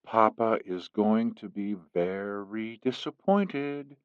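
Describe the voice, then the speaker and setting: A man's voice: medium pitch, expressive, moderate pace, no room sound, pitched above the performer's own voice, close to an everyday voice. A man voicing a menacing possessive Mafia princess. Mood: threatening. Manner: menacing, clingy, accusing. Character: jealous possessive Mafia princess, young woman. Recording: dull lo-fi recording.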